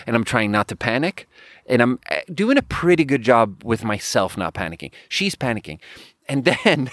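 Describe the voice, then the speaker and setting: A man hosting a podcast, telling a funny travel story in a rambling, animated way and laughing at his own punchlines. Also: mid-range voice, moderate pace, dry recording, studio quality. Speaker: podcast host. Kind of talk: casual storytelling.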